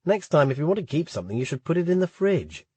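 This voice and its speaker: Brief: calm, tidy young student, as a male narrator plays him, slightly husky, a touch higher. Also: fast, no room sound, highs cut off. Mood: mild. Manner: mild, matter-of-fact.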